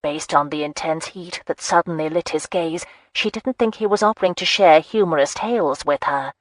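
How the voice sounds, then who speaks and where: A woman narrating a romance audiobook in a steady, even storytelling manner. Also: sits low, normal speed, dry recording. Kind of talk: scripted narration.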